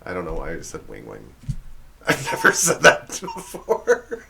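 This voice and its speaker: A man's voice: low-pitched, wildly swooping pitch, measured pace, creaky, pushed and bright. A man hosting a comedic monologue, sarcastic and exasperated, often stumbling over his words. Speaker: comedy show host.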